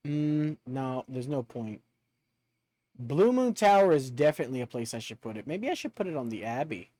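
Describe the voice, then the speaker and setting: A man's voice: medium pitch, very animated, normal speed, warm tone, dry recording. A male streamer chatting casually and joking with his viewers while playing a game, laughing often. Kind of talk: casual gameplay chat.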